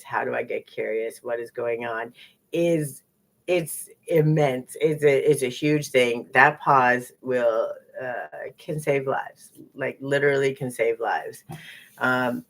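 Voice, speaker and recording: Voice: medium pitch, a bit bright. A chatty speaker, live lesson host. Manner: repetitive and conversational, often tags lines with "right?"; rhetorical questions in rapid strings. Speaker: spiritual teacher hosting a live lesson. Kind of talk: live-streamed teaching talk.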